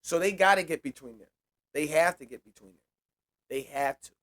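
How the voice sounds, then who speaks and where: A young man running his own sports show, going game by game in a loose, casual flow. He repeats himself, trash-talks teams and swears freely, with a voice of middling pitch. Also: moderate pace, fairly bright tone. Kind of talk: casual solo sports predictions.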